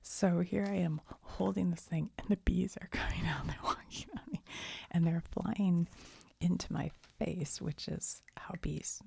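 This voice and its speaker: A middle-aged woman telling a rambling everyday story in soft-spoken ASMR style, often sinking into a whisper and chuckling as she goes. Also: fairly low pitch, fairly even intonation, a little slow, creaky, husky. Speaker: ASMR channel host.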